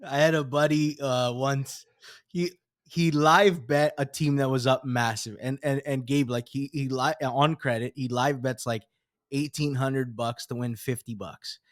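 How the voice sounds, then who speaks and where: A man's voice: medium pitch, steady tone, measured pace, no room sound, clean studio sound. A man hosting an interview podcast, chatty and casual, often stammering as he restarts lines. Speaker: podcast host.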